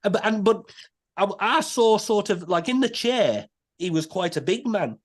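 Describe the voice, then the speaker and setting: A man, a podcast guest telling a story in a casual, animated way. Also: high-pitched, moderate pace. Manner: animated, many restarts and quoted voices.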